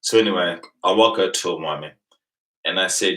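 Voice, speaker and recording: Middle-aged male streamer with a low, bright-edged voice, profane and boastful, lurching from mumbles to loud bursts. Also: a little fast, low-quality recording. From Venice, California. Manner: animated, swings between low mutters and loud outbursts. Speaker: livestream host. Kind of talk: casual storytelling.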